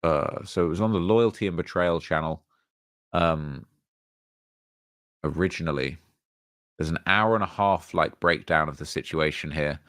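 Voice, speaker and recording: A man's voice: low voice, moderate pace, pauses often, fairly bright tone, dry recording, clean studio sound. A man hosting his channel, giving casual commentary on news and repeating himself with fillers. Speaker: channel host.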